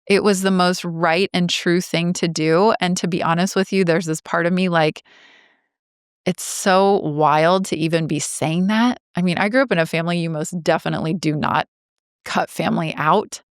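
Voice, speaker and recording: Earnest woman in her forties, low smooth voice. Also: steady tone, no echo, studio quality. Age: 40s. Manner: earnest and reflective, slowing on key phrases. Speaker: podcast host. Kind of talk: personal storytelling monologue.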